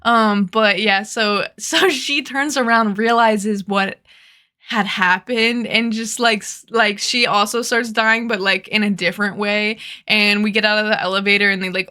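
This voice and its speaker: A woman's voice: medium pitch, fairly even intonation, moderate pace, pushed and bright. A young woman telling a story to the camera, rambling and laughing, with lots of "like" fillers. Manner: rambling, laughing, heavy use of "like". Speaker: vlogger. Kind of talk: casual storytelling.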